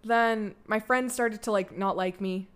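A young Canadian woman, the host's daughter appearing as a guest, shares a personal story in a loose, candid manner full of fillers and casual swearing. Her medium-pitched voice is steady and unhurried, and the sound is clean.

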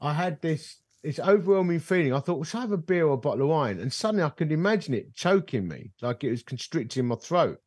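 This middle-aged ministry leader, guesting on a podcast set in a bar, tells a personal story casually and performs the dialogue with animation. His voice is husky and fairly high, moving at a quick pace with few pauses. The recording is dry, with clean studio sound.

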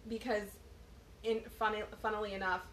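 A woman co-hosting a podcast, a mother telling lively stories in casual chat. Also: medium pitch, fairly quick, reverberant, a little hiss or hum. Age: adult, mother of children. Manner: chatty, animated storyteller. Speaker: podcast co-host.

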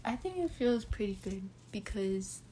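A woman's voice: mid-range voice, sing-song, a little slow, mellow. A teenage girl chatting casually with a friend, hesitant and giggly. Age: teens. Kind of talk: casual chat between friends.

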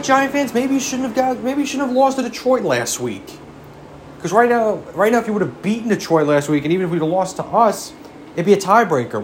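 A man's voice: a little high, a little hiss or hum. A man giving a profane, exasperated sports rant as a fan commentator, firing off rhetorical questions.

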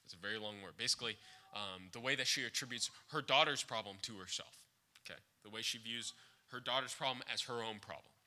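A man preaching a sermon, reading formal passages with brief plain asides, and swinging between loud urging and hushed intensity. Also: mid-range voice.

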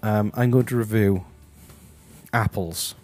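A man hosting a comedic review from his house, talking deadpan and rambling with lots of ums. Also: fairly low pitch, takes it slowly, faint music behind. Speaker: host. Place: his house, walking to the kitchen.

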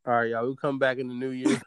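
A man's voice: medium pitch, fairly even intonation, fast talker, clear, resonant tone, no room sound. Joking man on a dry close mic. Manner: joking, swearing, slangy. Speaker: podcast co-host. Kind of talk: casual chat.

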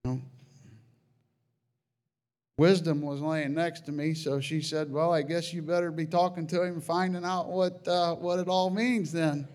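Man, slightly high voice, earnest halting testimony with emotional peaks. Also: fairly even intonation, darkish tone. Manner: earnest, halting storytelling with many restarts. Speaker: Christian sharing a testimony. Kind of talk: personal testimony.

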